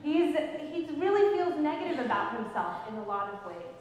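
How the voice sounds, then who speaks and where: A woman pastor preaches in a church sanctuary, her voice high and very animated as she explains things and puts questions to the people. The room rings with heavy, long reverb. Faint noise sits under it. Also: normal speed, muffled recording. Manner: gentle explanatory storytelling, asks the congregation questions. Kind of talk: sermon. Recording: echoey church hall from a distance.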